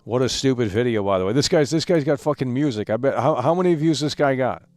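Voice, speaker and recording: A man on a live stream in a dismissive, profane rant, tripping over his words as he repeats himself. His voice sits at an ordinary middle pitch, and the sound is close and dry with no room echo. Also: expressive, quick pace, darkish tone. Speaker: game streamer. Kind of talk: live-stream commentary reading chat and comments.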